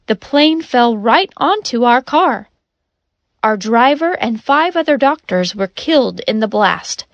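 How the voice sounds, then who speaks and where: An earnest, insistent female doctor speaks in a storybook reading, as a woman narrator plays her. Her voice is fairly high and slow. The sound is dry and close. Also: expressive, no echo, lo-fi sound.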